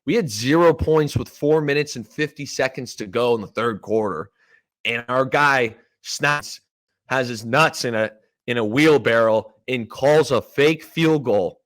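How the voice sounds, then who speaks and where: A mid-pitched man in his thirties from Canada hosts a casual sports podcast. He tells stories in an animated way, jumping into quoted lines and swearing casually. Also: a little slow. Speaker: podcast host, former player.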